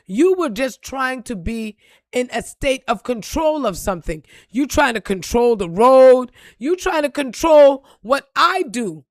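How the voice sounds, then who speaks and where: A woman's voice: high voice, expressive, measured pace, no echo, studio quality. A woman vlogger telling a story in a blunt, profane, preachy rant. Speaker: spiritual reader and vlogger.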